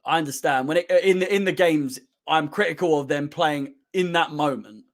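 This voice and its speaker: A man hosting a fan watch-along, calmly breaking down the match between bursts of shouting and swearing at the players. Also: a little high, moderate pace. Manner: swings from calm analysis to shouting and swearing at players. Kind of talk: excitable fan match commentary.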